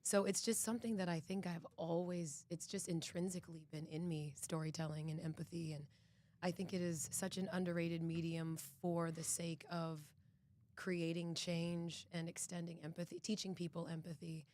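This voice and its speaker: An earnest, reflective woman from Boston speaks as a podcast guest. Her voice is low and stays fairly level. She often restarts her sentences. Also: little pitch movement, moderate pace, a little mellow. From Boston, United States. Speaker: actress and executive producer, guest. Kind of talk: casual podcast interview.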